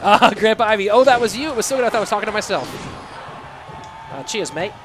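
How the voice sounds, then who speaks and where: A man's voice: high-pitched, racing. A young man casting a live esports stream, calling plays and joking casually with chat. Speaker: esports caster. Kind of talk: live stream game commentary. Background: music.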